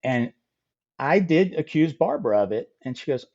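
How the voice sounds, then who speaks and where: A middle-aged man telling a funny story as a podcast guest, lively and acting out the people in it. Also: fairly high pitch, moderate pace, lo-fi sound. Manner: animated, acts out quoted voices. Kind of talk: casual storytelling.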